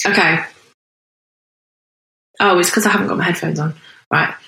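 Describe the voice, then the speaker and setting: A woman's voice: fairly low pitch, steady tone, moderate pace, gravelly, pushed and bright. A woman co-hosting a podcast, chatting in an easygoing, agreeable way with rambling replies. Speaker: podcast co-host. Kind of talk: casual chat. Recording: roomy echo.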